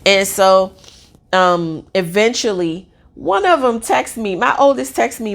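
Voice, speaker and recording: Excitable rambling woman telling a story. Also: mid-range voice, measured pace, gravelly. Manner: rambling, excitable, many fillers. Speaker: mother telling a personal story. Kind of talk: casual storytelling.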